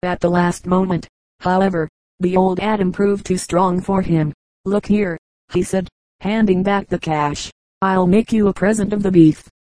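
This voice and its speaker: A woman reading a book of short jokes aloud, moving quickly between narration and quoted speakers. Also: fairly low pitch, steady tone, mellow, no room sound, rough recording. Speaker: audiobook reader.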